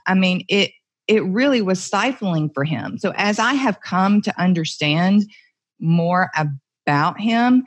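A woman's voice: mid-range voice, lively intonation, unhurried. A woman guesting on a podcast, speaking about her marriage in a reflective, earnest way, thinking aloud as she goes. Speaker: podcast guest, entrepreneur's wife. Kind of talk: conversational interview.

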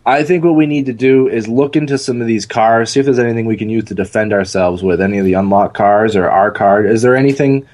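A man's voice: on the low side, fast talker, hardly any pauses, darkish tone. A man playing a tabletop role-playing game who talks through his character's actions and laughs often. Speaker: player. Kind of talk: casual tabletop role-play.

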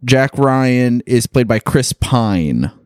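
A man's voice: medium pitch, lively intonation, slow pace, smooth, no echo, clean studio sound. A man co-hosting a casual podcast, rambling and swearing as he complains about things. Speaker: podcast co-host. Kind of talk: casual chat.

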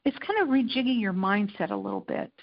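A woman being interviewed as a guest, telling personal stories in a candid, animated way and acting out the quotes. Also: on the high side, fairly quick, dull audio. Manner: animated, tells anecdotes with acted-out quotes. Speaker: interview guest, lifestyle and food editor. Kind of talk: candid conversational storytelling.

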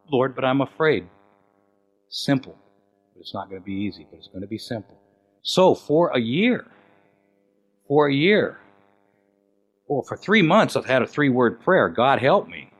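A man preaching a sermon and telling his own story, swinging between loud emphatic questions and hushed, quiet quoted lines. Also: mid-range voice, expressive, normal speed, long pauses, faint music behind. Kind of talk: sermon with personal testimony.

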